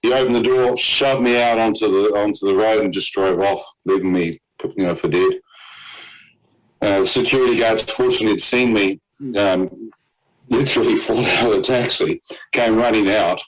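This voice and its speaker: A man telling a gripping personal testimony in a lively storytelling way, acting out other people's lines and laughing at himself now and then. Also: lowish voice, normal speed, low-quality recording. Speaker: guest telling his testimony.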